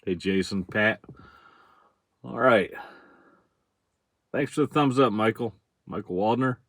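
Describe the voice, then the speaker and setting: A man's voice: fairly low pitch, slow pace, no echo, studio quality. A middle-aged man from central Michigan with a Michigan accent, chatting casually on a livestream about his fishing charters. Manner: relaxed, chatty, greets viewers by name, chuckles often.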